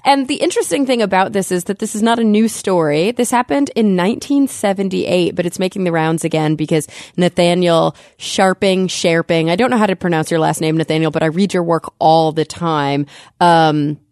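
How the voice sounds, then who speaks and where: A woman co-hosting a casual science talk show, explaining a news story in a lively way and laughing often. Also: on the low side, brisk, no room sound, clean studio sound. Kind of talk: casual chat.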